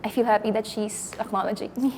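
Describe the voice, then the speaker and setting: A woman's voice: mid-range voice, steady tone, quick pace, big-room sound, noisy background. A woman narrating her feelings aloud during a workshop exercise, nervous and self-conscious, with bursts of laughter. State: anxious, breathy with nervous laughter. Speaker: acting workshop participant.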